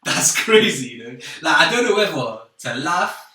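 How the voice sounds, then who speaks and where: A man's voice: fairly high pitch, big pitch swings, moderate pace, bright, forceful tone, far from the mic. A young man co-hosting a podcast, reacting and joking in casual chat. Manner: reactive, jokey interjections. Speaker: podcast co-host. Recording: echoey room, off-mic, faint noise.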